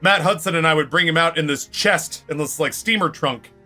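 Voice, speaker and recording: Bright-voiced man telling a rowdy story. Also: a little high, a little fast, soft background music. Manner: animated, swears freely, laughs often. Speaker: streamer. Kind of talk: casual storytelling during a game stream.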